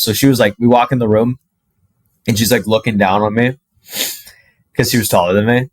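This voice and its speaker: A young man telling a personal story to camera in a casual, animated way, full of "like" and the odd swear word. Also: mid-range voice, fast talker, no echo, poor audio. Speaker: dating coach.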